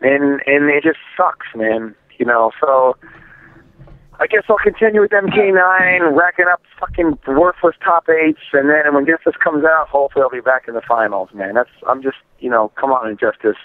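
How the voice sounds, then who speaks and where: A man's voice: fairly high pitch, moderate pace, no echo. A man in a casual gaming podcast chat, heated and ranting about a fighting game. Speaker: podcast guest. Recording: tinny phone-like line.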